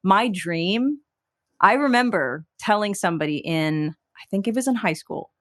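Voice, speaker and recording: A woman's voice: mid-range voice, expressive, normal speed. A woman from Texas, a singer-songwriter, talking candidly and reflectively as an interview guest, often saying "like.". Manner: reflective and candid, uses "like" often, laughs easily.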